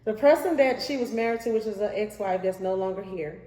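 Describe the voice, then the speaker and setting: A woman's voice: medium pitch, fairly quick. A woman with a Texan accent telling a personal love story in a casual chat, acting out quotes and restarting her sentences. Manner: animated, acts out quotes, trails off and restarts. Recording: echoey room with long reverb.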